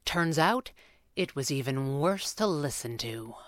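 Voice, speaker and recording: A woman narrating a children's story aloud, expressive and voicing each character. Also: deep voice, a little slow, no echo, studio quality. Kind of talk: audiobook narration.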